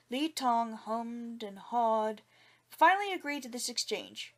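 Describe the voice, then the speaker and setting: A woman narrating a folk tale in an expressive storybook reading. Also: fairly high pitch, takes it slowly.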